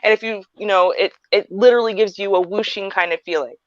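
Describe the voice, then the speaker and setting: A female podcast host chats casually and quickly, laying out her points one by one with emphasis in a medium-pitched, fairly even voice. The recording is dry, dull, lo-fi, and free of echo.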